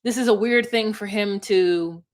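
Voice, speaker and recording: A woman's voice: mid-range voice, a little slow. A woman co-hosting a casual recap podcast, wry and sceptical as she sums up episodes. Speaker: podcast co-host.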